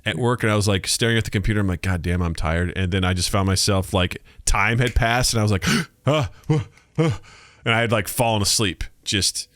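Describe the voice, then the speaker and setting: A man co-hosting a casual podcast chat, telling stories in an animated way, jumping into high-pitched voices to act out quotes and laughing often. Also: quick pace, few pauses, dry recording, studio quality. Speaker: podcast co-host.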